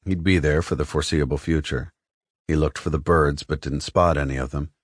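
A man reading an adventure novel aloud as the audiobook narrator, in an expressive storytelling manner. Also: very deep voice, fairly quick, dry recording, studio quality. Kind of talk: scripted narration.

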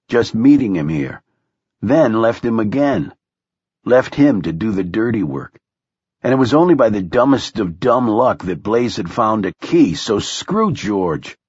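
Husky low-voiced male audiobook narrator. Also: no room sound, muffled recording. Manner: measured, even storytelling. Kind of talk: scripted narration.

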